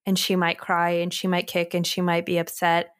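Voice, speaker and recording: A woman's voice: fairly low pitch, monotone, moderate pace. A woman in her thirties, a mother co-hosting a parenting podcast, speaking earnestly in repeated, list-like phrases. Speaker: podcast co-host. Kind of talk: casual parenting podcast chat.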